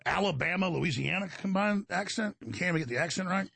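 This is a man with a Texan accent, originally from Texas, running a talk show and delivering an argumentative, rambling monologue to his "folks." His voice sits high and is animated and fast, with vocal fry, a husky, fairly bright tone, and a dry recording.

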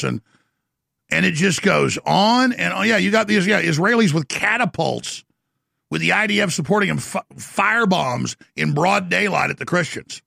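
A middle-aged man with a gravelly voice hosting a talk show, delivering an intense, boastful monologue. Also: high voice, animated, normal speed, sharp tone, no room sound, clean studio sound. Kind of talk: ranting monologue.

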